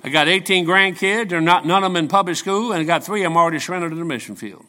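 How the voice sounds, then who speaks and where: A man's voice: high voice, fast, bright, forceful tone. A man of seventy preaching a folksy, joking sermon full of personal stories. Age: 70s. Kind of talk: storytelling sermon.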